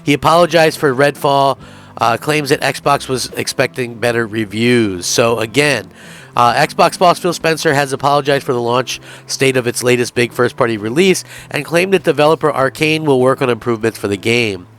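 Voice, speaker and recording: A man's voice: medium pitch, moderate pace, fairly bright tone. A man hosting a gaming channel, giving earnest, emphatic news commentary straight to his viewers.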